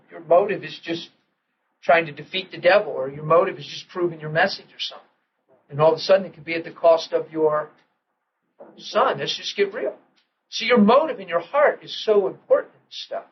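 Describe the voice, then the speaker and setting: A middle-aged man preaches a sermon in a fairly high voice, telling a story and acting out the quotes in it. He often drops to a near whisper. The old recording is muffled, with a faint hiss behind it. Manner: storytelling, acts out quotes with sudden hushed drops.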